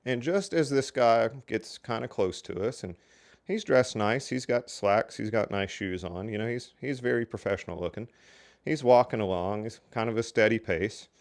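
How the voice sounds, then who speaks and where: Folksy low-voiced man telling stories. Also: moderate pace. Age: older. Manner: folksy and chatty, with lots of "so anyway" and "you know". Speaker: storyteller. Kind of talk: casual storytelling.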